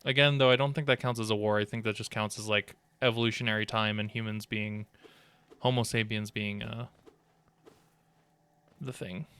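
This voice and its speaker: A man's voice: fairly low pitch, steady tone, moderate pace, pauses often, a bit bright, clear, resonant tone, no echo. A man streaming a video game live, rambling and joking as he plays, swearing often, into a desk microphone. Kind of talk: casual live gameplay commentary.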